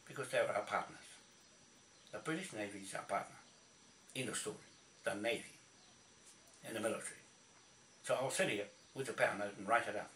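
A man's voice: lowish voice, a bit bright, reverberant, distant mic, slight background noise. A man from New Zealand delivering a blunt, profane, repetitive ranting monologue to camera. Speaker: video blogger.

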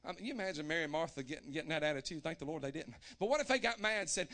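A pastor preaching a sermon in a church, folksy and humorous, building with rising fervor and shouting at the climaxes. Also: male voice, a little high, racing, few pauses. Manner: folksy and humorous, acts out people he quotes. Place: church sanctuary.

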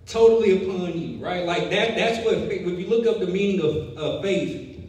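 A young man preaching a sermon, telling a lively story before building to emphatic preaching. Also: sits high, normal speed. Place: church sanctuary. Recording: echoey hall, distant mic, faint noise.

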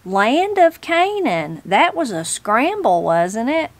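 A woman's voice: mid-range voice, lively intonation, measured pace, no room sound. A woman with a Southern Appalachian accent voicing a spry, tart elderly mountain granny, reading aloud from a storybook. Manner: tart, homespun mountain speech.

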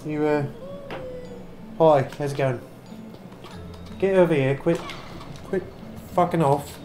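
A tipsy man hosting a VR gameplay video, talking in a put-on wandering British accent, with excitable exclamations and swearing at the game. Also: fairly high pitch, takes it slowly, soft background music. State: tipsy from drinking. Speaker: gaming channel host. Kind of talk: VR gameplay commentary.

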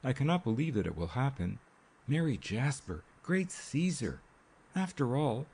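A man voicing an anxious little older male investigator in an audiobook, with a husky, gravelly voice. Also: medium pitch, big pitch swings, normal speed, a little mellow, voice pushed up. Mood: despairing.

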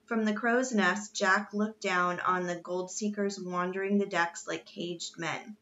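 A woman reading a children's novel aloud in steady narration. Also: medium pitch, a little slow, muffled recording, slight background noise. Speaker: reader. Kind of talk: storybook read-aloud.

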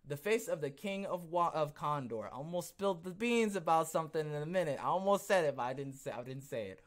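A man with a slightly higher voice hosts his own podcast in loose, ranting commentary. He swings from low, mumbled asides to loud, emphatic stretches, often repeating himself and restarting sentences as he talks. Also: lively intonation, a little fast. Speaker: podcast host.

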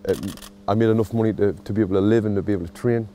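Chatty Sunderland man, mellow voice. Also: on the low side, steady tone, very fast, slight background noise. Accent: Sunderland (Mackem). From Sunderland, England. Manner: emotional, chatty, self-mocking. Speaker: boxing coach and vlogger. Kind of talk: casual vlog talk. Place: outdoors in a football stadium.

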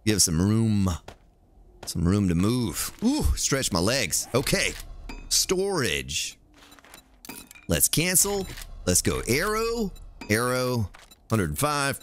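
A man's voice sweeps from low to high as he chats through his game stream, playful and joking with his viewers. He talks slowly, with a bright, forceful edge to his tone. Faint noise runs underneath. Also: huge pitch swings, faint music behind. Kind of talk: casual gameplay commentary.

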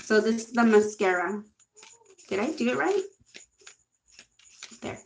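A woman's voice: medium pitch, measured pace, gravelly, long pauses, low-quality recording. A young woman gushing and giggling through a casual makeup haul video. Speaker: beauty vlogger.

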